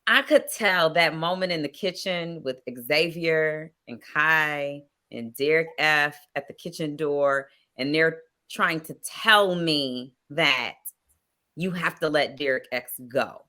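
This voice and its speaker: A woman's voice: sits low, takes it slowly. A woman guest on a casual podcast, telling stories and acting out past conversations. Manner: lively storytelling that acts out past conversations. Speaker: podcast guest, reality show contestant. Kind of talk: casual chat.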